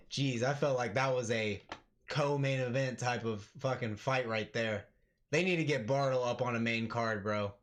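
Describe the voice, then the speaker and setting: A man doing live play-by-play commentary on an MMA fight for his stream, talking casually and yelling with excitement at the big moments. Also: medium pitch, measured pace.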